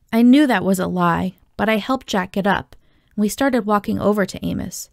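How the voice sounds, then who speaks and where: A woman reading a children's novel aloud, telling the story in a steady, expressive way. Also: mid-range voice, normal speed, gravelly, dry recording, studio quality. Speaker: audiobook reader.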